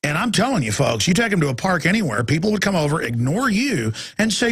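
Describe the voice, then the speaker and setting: A man in his forties delivers a ranting talk radio monologue, now and then mocking people in high put-on voices. His voice is gravelly and husky. He sits close to a dry studio mic with faint music beneath. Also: big pitch swings, fast, hardly any pauses, fairly bright tone, no echo. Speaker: radio talk show host.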